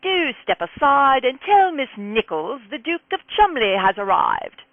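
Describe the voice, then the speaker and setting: Haughty British dandy duke, high and drawling, played as an imposter by a woman reading her novel, tinny dry sound. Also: big pitch swings, a little slow, no room sound, heavily acted. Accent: put-on British fop. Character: foppish young male con man posing as a British duke.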